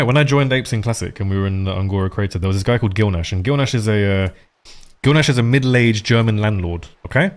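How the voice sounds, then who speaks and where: A man streaming a game live, chatting casually and rambling, with frequent swearing. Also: on the low side.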